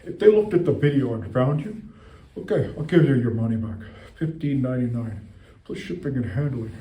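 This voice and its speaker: A man's voice: medium pitch, expressive, a little fast, mellow, far from the mic. Goofy man improvising silly sketches. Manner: playful, silly, with lots of "okay". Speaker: comedy sketch performer. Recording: roomy echo.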